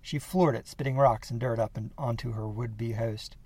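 A man narrating a horror story in a steady, measured reading voice. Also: medium pitch, slightly rough, dry recording.

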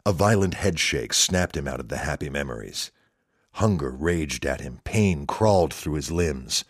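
A man reads a story aloud in a steady, measured way. His voice is very deep. The recording is dry and close. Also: breathy edge, no room sound. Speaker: narrator. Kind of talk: scripted story narration.

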